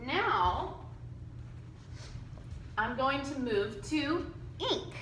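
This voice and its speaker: A woman teacher leads young children through a phonics lesson, sounding out each letter and chunk slowly so they can say it with her. Her voice is bright and a little high, and she talks at an unhurried pace. The recording has a roomy echo with a faint hum of ambience. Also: lively intonation. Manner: slow, patient, sounds out letters and chunks for kids to repeat. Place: classroom with whiteboard.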